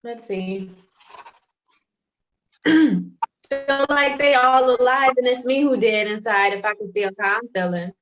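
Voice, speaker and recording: A woman performing spoken word poetry over a video call, with a measured, rhythmic delivery. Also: fairly high pitch, steady tone, fairly bright tone, faint music behind. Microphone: video call with choppy connection. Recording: dull lo-fi call audio.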